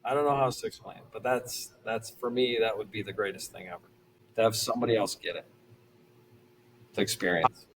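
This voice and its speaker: A middle-aged man, a former pro pitcher, telling stories casually as a podcast guest and acting out the people he quotes. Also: a little fast, slight background noise, poor audio. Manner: animated, acts out quoted voices. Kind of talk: casual storytelling.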